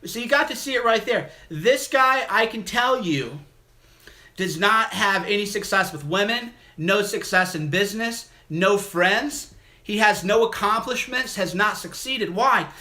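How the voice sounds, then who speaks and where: A man's voice: high-pitched, animated, a little slow, pushed and bright. A male livestream host taking callers, ranting with an aggressive, mocking and insulting manner and hammering his points through repetition. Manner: repetitive, emphatic delivery. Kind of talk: call-in livestream rant.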